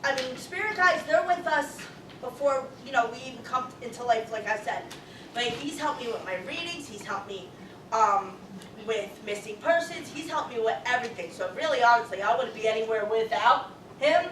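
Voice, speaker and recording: A woman psychic medium talking to a live audience, loud, rambling and full of cursing. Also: on the high side, animated, moderate pace, a little hiss or hum. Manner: loud, profane, rambling storyteller. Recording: echoey room, far from the mic.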